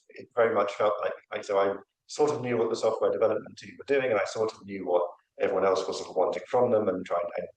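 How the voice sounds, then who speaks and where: Low-voiced guy giving a conference talk, lots of ums and restarts, roomy echo. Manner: hesitant, many fillers and restarts. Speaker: conference speaker. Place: lecture room. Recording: echoey lecture room.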